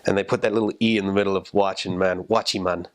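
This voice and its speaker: A man talking casually about language, explaining in a relaxed way with fillers. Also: deep voice, fast talker.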